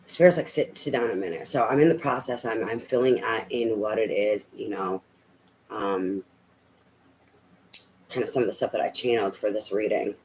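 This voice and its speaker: A man's voice: on the low side, moderate pace, long pauses, a little hiss or hum, rough recording. A man giving a casual spoken tarot reading, rambling and hesitant with many fillers. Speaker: tarot reader.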